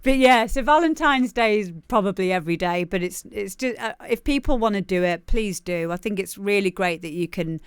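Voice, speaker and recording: A woman's voice: mid-range voice, fairly quick, few pauses, clear, resonant tone, no room sound. A woman hosting a livestream show, chatting casually and giggling, rambling with lots of fillers.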